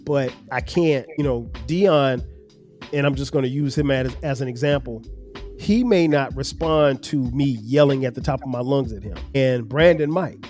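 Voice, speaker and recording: A middle-aged man hosts a family podcast and reflects earnestly on being a father. He explains at length, often restarting his sentences, in a mid-range voice. Soft music plays faintly behind him. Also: mid-range voice, moderate pace.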